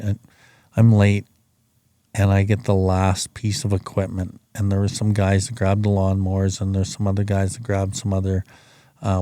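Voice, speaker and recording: Middle-aged male podcast host, blunt and profane storyteller; dark, dry close sound. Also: low-pitched, no room sound. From Canada. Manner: rambling, profane, plain-spoken. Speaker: podcast host sharing his recovery story. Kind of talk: casual storytelling.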